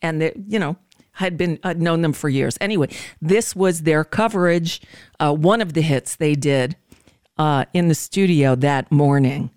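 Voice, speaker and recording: A woman's voice: low voice, moderate pace, a little mellow, dry recording, clean studio sound. A woman talk show host chatting casually, rambling a bit with fillers as she sets up an old clip.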